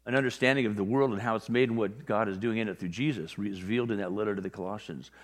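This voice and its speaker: Speaking rapid-fire in a lowish voice, a man delivers a sermon as a pastor in a conversational manner, slipping into little voices for the people he mentions. The sound carries a long hall reverb.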